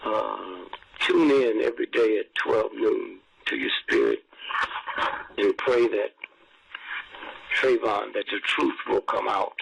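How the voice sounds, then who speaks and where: A man's voice: lowish voice, lively intonation, slow, creaky, pauses often, breathy edge, low-quality recording. An older man speaking as a guest on a call-in radio show, folksy and preachy, often repeating himself. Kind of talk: casual call-in radio talk.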